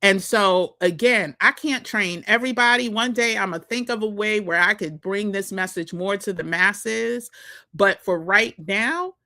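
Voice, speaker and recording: A woman's voice: medium pitch, measured pace, bright, forceful tone. A woman with a New York accent, coaching viewers in a chatty vlog, laughing often. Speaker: social media coach. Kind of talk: casual vlog talk to viewers.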